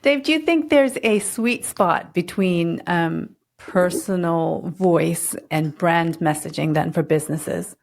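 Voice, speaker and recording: Lower-voiced woman hosting an interview. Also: slow pace, creaky, hardly any pauses. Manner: attentive, soft backchannels and short questions. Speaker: podcast host. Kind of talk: casual interview conversation.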